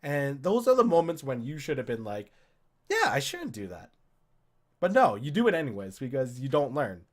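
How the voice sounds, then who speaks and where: Medium in pitch and normal in speed, a young Canadian man co-hosting a podcast rambles through a drinking story in casual conversation. He's lively and profane, voicing the quotes as he retells the drunken episode.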